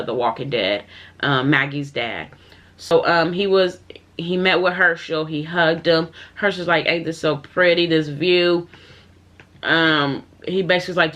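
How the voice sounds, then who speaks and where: A woman giving a casual recap of a TV episode, animated and full of fillers, acting out the characters' lines. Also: low voice. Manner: animated, many fillers, acts out quoted lines. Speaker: TV episode reviewer.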